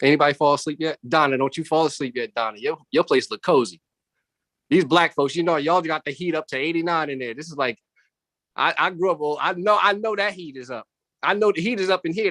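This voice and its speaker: A man doing animated stand-up comedy over a video call from home, jumping into voices of family and coworkers. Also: fairly high pitch, fairly quick, no echo, studio quality. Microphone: computer mic on a video call.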